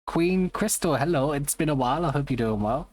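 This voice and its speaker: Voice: mid-range voice, expressive, a little fast, darkish tone. A live streamer in casual chat, rambling and greeting viewers by name.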